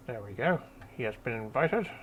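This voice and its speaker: A man's voice: mid-range voice, expressive, moderate pace, crowd noise. A man hosting a casual painting stream, chatty and loose, swearing now and then and fumbling with his setup. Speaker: stream host. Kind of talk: casual chat while painting.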